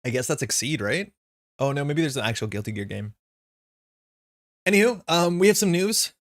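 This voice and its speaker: A man hosting a live stream, chatting casually and thinking aloud as he slowly tries out how words are pronounced. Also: fairly high pitch, animated, dry recording, clean studio sound. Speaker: stream host.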